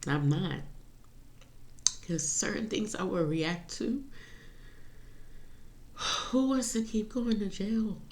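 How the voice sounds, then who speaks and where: A woman's voice: medium pitch, lively intonation, takes it slowly, long pauses, a little mellow. A woman talking in a personal vlog, rambling and confessional, laughing to keep from crying. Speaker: vlogger.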